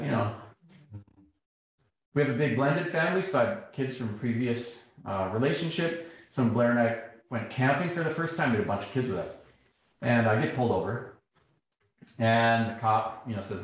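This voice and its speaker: The echo of a large lecture hall surrounds this middle-aged man, whose voice sits on the low side at a moderate pace. He tells stories in his public talk, animatedly acting out each exchange.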